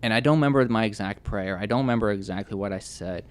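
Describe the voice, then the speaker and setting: A young man telling his personal testimony as a podcast guest, earnest and halting, with many restarts and fillers. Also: on the low side, clean tone.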